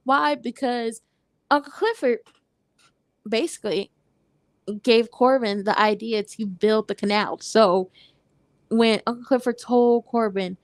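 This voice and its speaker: A woman hosting a casual TV recap, talking in a sassy, animated way and acting out lines from the scenes. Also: on the high side, moderate pace, dry recording. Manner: animated, sassy, retells scenes with quoted voices. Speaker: recap host.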